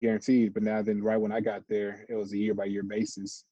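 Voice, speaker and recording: Husky low-voiced man telling stories, slangy. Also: fairly quick, dry recording, rough recording. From United States. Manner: slangy, animated storytelling. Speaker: podcast guest, former college football player. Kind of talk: casual chat.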